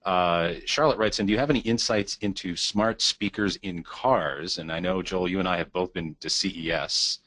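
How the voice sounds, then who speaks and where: A man's voice: sits low, normal speed, hardly any pauses, a bit bright, dry recording. A man hosting a webinar Q&A, reading out audience questions with dry humor. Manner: reads questions aloud, dry joking.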